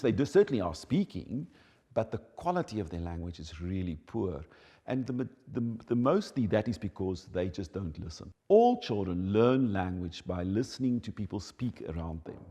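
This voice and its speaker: A man explaining child development in an emphatic, teaching manner. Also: low voice. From South Africa. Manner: animated, emphatic teaching delivery. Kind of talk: explanatory talk. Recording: long hall reverb.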